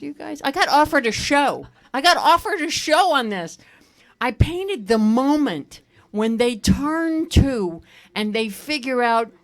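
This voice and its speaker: A middle-aged woman performs stand-up at a live fundraiser, her voice sitting a little above the usual pitch. She tells her stories with animation and breaks into laughter along the way. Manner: animated storytelling with bursts of laughter. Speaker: stand-up comedian. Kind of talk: stand-up comedy set. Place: comedy stage at a live fundraiser.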